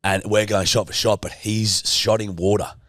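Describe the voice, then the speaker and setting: A man's voice: fairly low pitch, flat delivery, normal speed, fairly bright tone, no room sound, clean studio sound. A man, co-hosting a podcast and telling a rowdy story, swearing heavily. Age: 30s. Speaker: podcast co-host. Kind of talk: casual chat.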